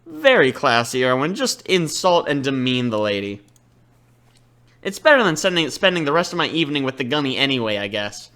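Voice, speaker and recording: A man's voice: mid-range voice, big pitch swings, a little fast, pushed and bright. A man giving casual, sarcastic commentary over a game, rambling and swearing freely. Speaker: let's play host.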